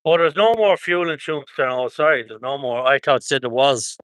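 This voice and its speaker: A man's voice: mid-range voice, expressive, normal speed, a bit bright, no room sound. An Irish man chatting casually on a livestream from an outdoor protest, reading out viewer comments, rambling and chuckling often.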